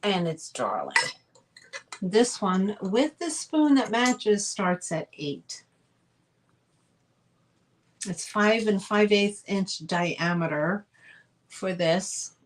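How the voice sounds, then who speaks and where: Slow-talking woman hosting a live sale. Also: medium pitch, animated, poor audio. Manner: slow, chatty, describing items as she goes. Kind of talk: live online auction selling.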